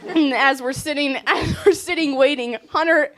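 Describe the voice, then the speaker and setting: A teenage girl with a high voice tells a funny travel story to a gathered audience. She is animated, laughs often and acts out what everyone said. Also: normal speed. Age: teens. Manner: animated, laughing, acting out quotes. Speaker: student sharing a trip story.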